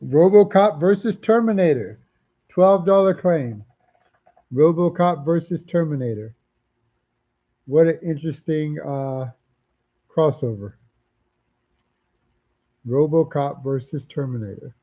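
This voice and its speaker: A man running a live comic auction, chatting away and repeating each price and title as he goes. His voice sits a little high but sounds mellow and dark in tone. The stream audio is dull and lo-fi. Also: slow, long pauses. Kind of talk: casual live-stream selling.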